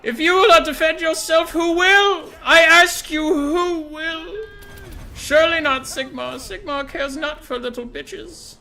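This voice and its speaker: A man's voice: very high-pitched, measured pace, sharp tone, pitched above the performer's own voice, exaggerated voice. A man voicing a pompous male human cannon captain in a hammy, melodramatic battlefield bellow. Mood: rallying, pompous.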